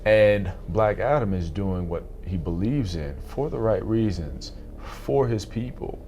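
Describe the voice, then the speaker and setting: A man, an actor, answering interview questions in a thoughtful, measured way. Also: fairly low pitch, dark tone, a little hiss or hum.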